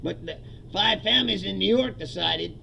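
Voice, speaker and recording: A man hosting a casual comedic chat, telling stories with lots of laughter and quick impressions. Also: high voice, gravelly, a little hiss or hum. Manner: laughs a lot, animated storytelling with impressions. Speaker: host.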